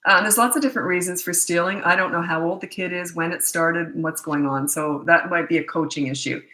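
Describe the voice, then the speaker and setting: A woman's voice: lowish voice, fairly even intonation, fairly quick, bright, forceful tone, echoey room, low-quality recording. A middle-aged woman, a parenting coach, answering viewer questions in a blunt, candid and chatty way.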